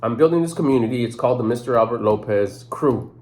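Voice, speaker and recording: A man giving a casual direct-to-camera sales pitch as a personal development YouTuber, talking loosely in slang with frequent restarts and repeated words. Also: quick pace, darkish tone.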